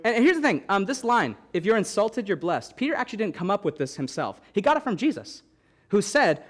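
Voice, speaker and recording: Young man, pastor, sermon, high voice, lively swooping delivery, repeats lines for emphasis. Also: brisk. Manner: animated, repeats phrases for emphasis; joking asides, stops to soothe a baby.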